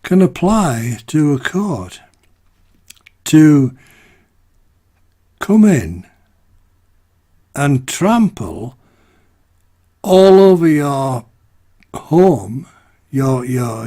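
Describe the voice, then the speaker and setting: A man's voice: medium pitch, big pitch swings, extremely slow, pauses often, dark tone. A man from the UK ranting to camera in a casual vlog, exasperated and rhetorical, constantly asking "right?". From United Kingdom. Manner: exasperated, rhetorical, peppered with "right?" and "you know". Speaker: vlogger. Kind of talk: casual opinion rant to camera.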